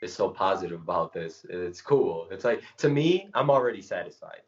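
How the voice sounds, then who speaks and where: Podcast co-host, man, low voice, chatty and rambling, dull lo-fi recording. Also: moderate pace, roomy sound, heavy background noise. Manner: rambling, excitable storyteller. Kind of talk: casual chat. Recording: dull lo-fi sound.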